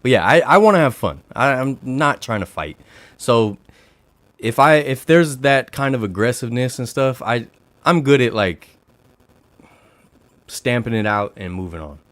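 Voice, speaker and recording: A man's voice: mid-range voice, animated, unhurried, long pauses, a bit bright, dry recording. A man hosting a livestream, chatting casually and telling a story, acting out the exchanges he quotes. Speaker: livestream host. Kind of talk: casual storytelling to a live chat.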